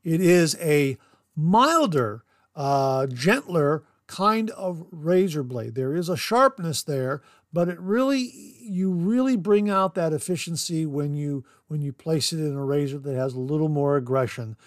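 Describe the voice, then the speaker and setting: Man, podcast host, casual enthusiastic review, slightly high voice, dry sound. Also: lively intonation, a little slow, no room sound. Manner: enthusiastic, repeats words for emphasis. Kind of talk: casual product review chat.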